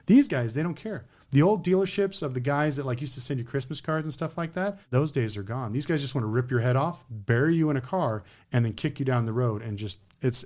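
A man, a former car dealer, talking bluntly in an interview and acting out his customer exchanges. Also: mid-range voice. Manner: blunt, animated storytelling with acted customer exchanges. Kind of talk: interview conversation. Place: Las Vegas.

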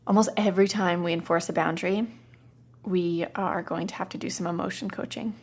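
A woman's voice: lowish voice, steady tone, brisk, husky. Woman, parenting podcast host, casual, storytelling, voices quotes.

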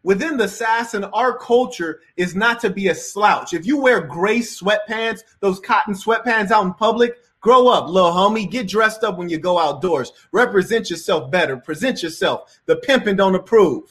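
A man's voice: high-pitched, normal speed, hardly any pauses, a bit bright. A man giving reaction commentary in a preachy, moralizing way.

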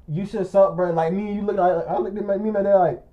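A man's voice: high-pitched, steady tone, a little fast. A young man telling a long, rambling story in casual chat, often breaking into laughter. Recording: muffled lo-fi recording.

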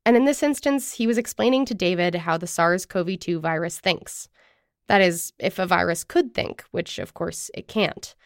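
A woman host delivering scripted narration with a clear, polished manner. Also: medium pitch, dry recording, clean studio sound. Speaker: podcast host.

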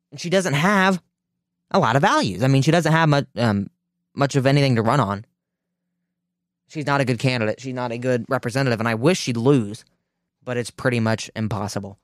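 A man's voice: mid-range voice, no echo. A man hosting a political radio show, delivering an indignant, emphatic commentary monologue with frequent restarts into a close mic.

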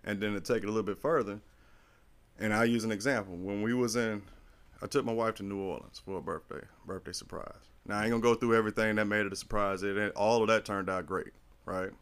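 Animated, profane middle-aged man telling stories. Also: on the low side, fast talker, clean tone. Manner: animated, profane, rambling storyteller. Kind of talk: casual chat, storytelling.

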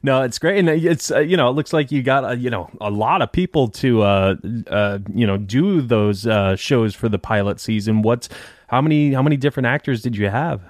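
Halting male host, dry sound. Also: mid-range voice, animated, dry recording. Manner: halting, many fillers and restarts. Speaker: podcast host. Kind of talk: casual interview chat.

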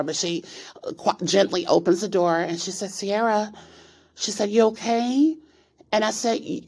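A woman's voice: lowish voice, creaky. A woman in her thirties hosting a podcast, telling a personal story in a rambling, emphatic way with lots of restarts and repeated words. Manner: emphatic, rising into outraged questions. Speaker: podcast host.

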